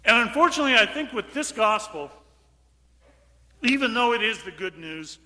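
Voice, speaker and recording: A man preaching a lively homily as a priest, switching to hushed voices for quotes and sometimes calling out loud. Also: very high voice, moderate pace, big-room sound. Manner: animated, acts out quotes in hushed voices, sudden shout. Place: large church.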